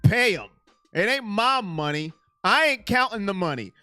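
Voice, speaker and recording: Excitable high-voiced man streaming sports talk. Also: moderate pace, smooth, no echo, soft background music. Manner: excitable, reads chat names aloud, swings from loud to mumbling. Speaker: sports livestream host. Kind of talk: casual live-chat commentary.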